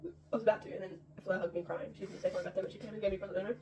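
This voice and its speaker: A woman's voice: medium pitch, steady tone, rapid-fire, dark tone, echoey room. A young woman with an Australian accent hosting a casual chat vlog, rambling and full of "like". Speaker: vlog host. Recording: mic far off, noisy background.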